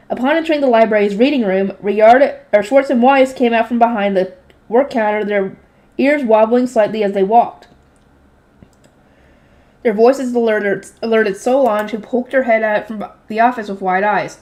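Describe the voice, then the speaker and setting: Young woman, fairly high voice, reading a light novel aloud, casual asides between passages. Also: moderate pace, a little mellow. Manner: reads character voices lightly, drops into offhand slangy commentary.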